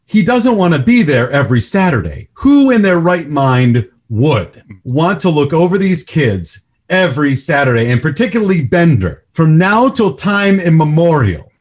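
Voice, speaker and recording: A man hosting a podcast, talking through a film in an emphatic, animated way. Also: a little high, normal speed, hardly any pauses. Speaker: podcast host. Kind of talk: casual movie discussion.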